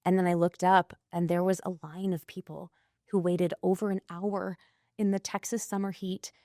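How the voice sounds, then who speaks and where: A woman guest, an intuitive coach, telling a personal story in an interview, animated and acting out the people she quotes. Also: on the low side, normal speed, dry recording, clean studio sound.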